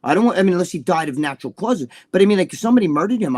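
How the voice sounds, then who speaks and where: A man's voice: high voice, animated, rapid-fire, a little mellow. A man co-hosting a talk show, ranting in heated casual chat, swearing, repeating himself and acting out quoted people. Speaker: podcast co-host.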